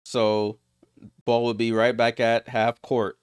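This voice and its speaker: A man giving live play-by-play of a basketball game as a streamer, getting louder on big plays and greeting viewers in the chat. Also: level tone, takes it slowly, clean tone, no echo, clean studio sound. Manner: rises sharply in pitch and volume on big plays.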